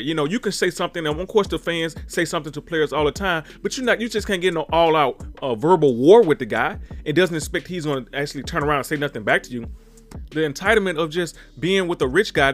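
A male podcast host talks quickly in a fairly high voice, ranting in a heated, emphatic way. His delivery is casual and slangy, with plenty of cursing. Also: fairly bright tone.

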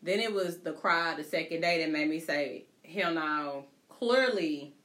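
A woman with a lowish voice chats casually with friends about her teenage daughter. She tells her stories emphatically and keeps calling her friends girl and baby. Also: fairly even intonation, moderate pace, fairly bright tone. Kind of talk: casual chat among friends.

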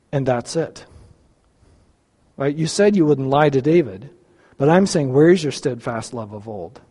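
High-voiced male pastor in a reverberant hall. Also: warm tone. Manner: enthusiastic, asks the audience questions. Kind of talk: sermon teaching.

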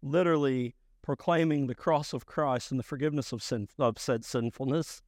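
A man preaching a sermon as pastor, emphatic and rising to loud bursts. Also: medium pitch, steady tone, normal speed, no echo, studio quality.

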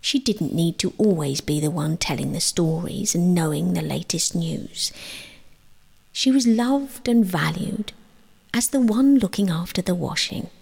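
A woman reading her own sleep story aloud, gentle and slow, often dropping into a whisper. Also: lowish voice, gravelly, slightly rough. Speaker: storyteller and author.

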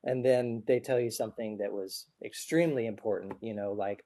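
A man's voice: fairly low pitch, fairly even intonation, a little fast, hardly any pauses, dark tone. A man preaching a sermon to a congregation in a church. He speaks in an earnest, informal way, with light self-deprecating humor. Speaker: guest preacher. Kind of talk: conversational sermon. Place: church service before a congregation. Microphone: adjustable microphone on a stand.

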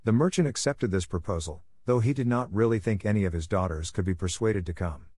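Man, audiobook narrator, scripted storybook reading, calm, low voice, dry close recording. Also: fairly quick, no echo.

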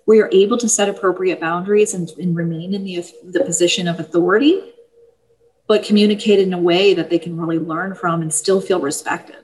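A woman, an author of parenting books, explaining her books and advice in a steady, easygoing interview manner with small fillers. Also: on the low side, a little fast, husky, low-quality recording. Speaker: parenting book author, guest. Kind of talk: casual interview talk.

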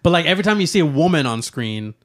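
A man's voice: a little high, sing-song, racing, fairly bright tone. Rambling young man on a podcast. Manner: rambling, hedges with many "like"s. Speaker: podcast co-host. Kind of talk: casual podcast chat.

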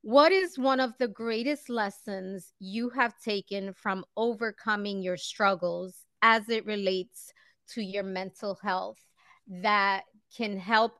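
A woman's voice: medium pitch, steady tone, a little slow, fairly bright tone, dry recording. Dry-sounding woman interview host. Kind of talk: casual interview conversation.

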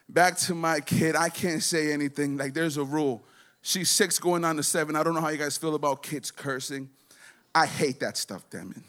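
A man doing a stand-up comedy set, rambling and profane, slipping into quick voices for other people. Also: fairly high pitch, sharp tone. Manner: does quick voices for his daughter and others.

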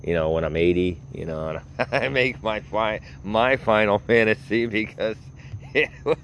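A man with a low, deep voice rambles through a casual podcast monologue, mocking himself and chuckling at his own jokes. He talks straight into a phone, with a faint hiss of noise underneath. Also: unhurried, a bit bright. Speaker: podcast host.

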